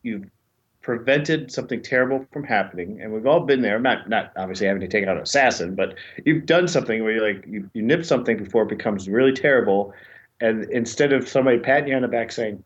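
A man's voice: medium pitch, fast talker, lo-fi sound. A man co-hosting a podcast, chatting casually and digressively while recapping a TV episode. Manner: chatty, digressive, jokey asides. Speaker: podcast co-host.

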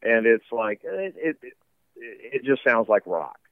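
A man's voice: mid-range voice, big pitch swings, a little slow, no echo, narrow, tinny audio. A man talking casually as a musician guest in an interview, rambling with lots of fillers and laughs. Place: home basement studio.

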